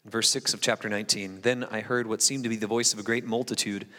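A man's voice: on the low side, little pitch movement, fast talker, bright, forceful tone. A pastor in his forties reading scripture and preaching a sermon in a conversational, self-deprecating way with frequent asides. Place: church sanctuary. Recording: long reverb of a large hall.

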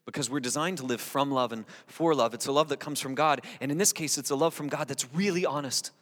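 A male pastor giving a conversational sermon, lively and talking straight to the congregation, often restarting and repeating words. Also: mid-range voice, fast talker. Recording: long reverb in a large hall.

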